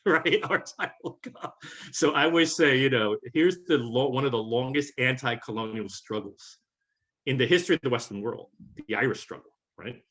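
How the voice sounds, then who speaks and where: Joining a webinar by video call, a Puerto Rican man talks briskly in a medium-pitched, fairly bright voice. As a guest, he's reflective and conversational, frequently checking in with listeners by asking "right?".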